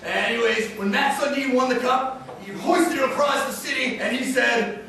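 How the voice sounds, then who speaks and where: A man with a Canadian accent improvising as an excitable sports broadcaster in a mock newscast, calling the audience folks. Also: very high voice, normal speed, few pauses. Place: theatre stage with live audience. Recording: echoey stage recorded from far off, audience laughter.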